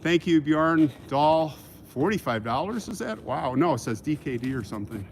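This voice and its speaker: A man's voice: a little high, expressive, moderate pace, a little hiss or hum. A man from Kansas hosting a casual livestream while walking outdoors through a cemetery. He rambles into a joking rant and breaks off mid-sentence to thank donors. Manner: laughing mock rant. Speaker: livestream host.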